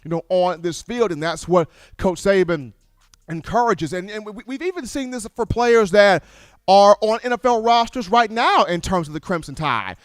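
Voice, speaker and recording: A man hosting a college football show in a high, bright voice, talking in an animated, rambling way. He often restarts his sentences and piles up repeated phrases. The sound is dry and close. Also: normal speed, no room sound. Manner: animated, repetitive, stumbling restarts. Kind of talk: casual sports commentary.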